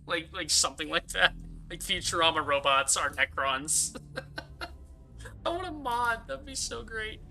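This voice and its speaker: Gaming streamer, man, fairly high, very bright tone, rambling and giggly. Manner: rambling, giggly, swears freely. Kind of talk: casual gameplay commentary.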